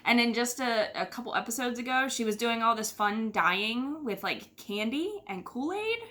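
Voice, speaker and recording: A chatty middle-aged woman from the United States talks casually as a podcast host. Her voice is bright and forward, and she rambles through fillers and little sighs. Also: fairly high pitch, expressive, moderate pace. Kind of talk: casual chat.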